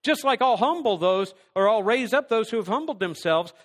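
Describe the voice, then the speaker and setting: A middle-aged male pastor preaching a sermon, swinging between loud emphatic lines and hushed near-whispers. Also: high-pitched, expressive, normal speed. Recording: long hall reverb.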